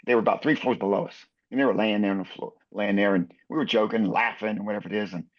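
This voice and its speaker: A man's voice: lowish voice, quick pace, lo-fi sound. A man in his sixties, a basketball referee, telling anecdotes in a podcast interview and acting out other people's lines.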